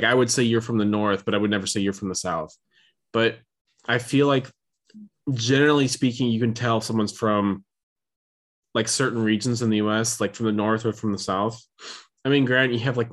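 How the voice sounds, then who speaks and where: A man from Missouri co-hosting a podcast, telling stories in a rambling casual chat with frequent restarts. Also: fairly low pitch. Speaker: podcast co-host.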